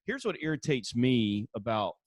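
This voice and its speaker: Podcast co-host, man, mid-pitched, wry and joking, dry close sound. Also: very animated, moderate pace, no room sound. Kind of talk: casual chat.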